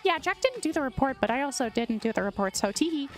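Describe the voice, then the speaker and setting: A woman voicing a giggly, airheaded young woman in a high, sing-song tone to mock her. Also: sing-song, normal speed, fairly bright tone, soft background music.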